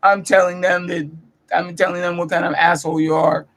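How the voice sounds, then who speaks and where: High-voiced man telling animated stories. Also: brisk, creaky. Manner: animated, profane, self-mocking storytelling. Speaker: comedian vlogger. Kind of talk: casual storytelling vlog. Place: bedroom at home.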